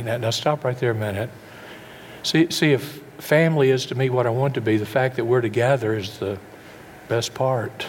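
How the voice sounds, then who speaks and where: Preacher in an echoing hall. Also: male voice, medium pitch, moderate pace, a little hiss or hum. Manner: rhetorical questions and stumbling repeats. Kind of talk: sermon. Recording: long reverb in a hall, faint background.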